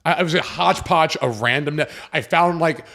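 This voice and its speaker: A man in his twenties hosting a podcast, telling a personal story in a casual, animated way and acting out the voices of the people in it. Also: on the high side, fairly quick, creaky. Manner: animated, acts out quoted voices, swears casually. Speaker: podcast host.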